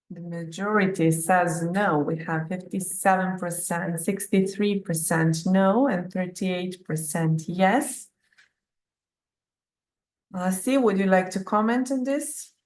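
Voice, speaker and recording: A woman's voice: lowish voice, slow pace. A woman moderating an online training session, politely giving instructions and handing over to speakers on a video call. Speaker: webinar moderator.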